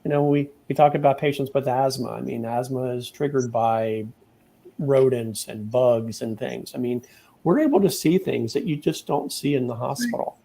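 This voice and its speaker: Man explaining in a mellow voice. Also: mid-range voice, moderate pace, vocal fry. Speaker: healthcare guest. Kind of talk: casual conversation.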